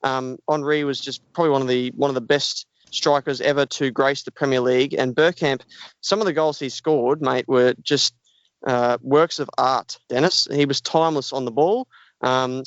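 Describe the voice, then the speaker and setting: A man's voice: mid-range voice, no echo. A man co-hosting a casual podcast, talking enthusiastically and heaping on praise. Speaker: podcast co-host. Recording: dull lo-fi dry podcast audio.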